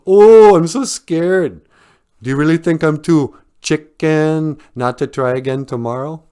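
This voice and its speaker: A man's voice: medium pitch, big pitch swings, moderate pace, natural voice. A man voicing a sly, joking male fox trickster who talks in teasing, boastful slang.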